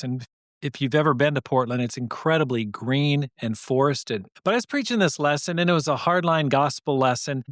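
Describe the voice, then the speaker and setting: A man's voice: mid-range voice, dry recording, clean studio sound. A man hosting a podcast, telling a story from his time as a pastor and acting out the voices of the people in it. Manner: animated storyteller, acts out quoted voices.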